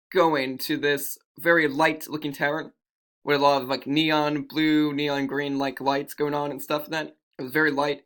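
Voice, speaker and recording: A man's voice: fairly high pitch, a bit bright. A man telling an improvised fantasy story in a rambling way, often correcting himself as he goes.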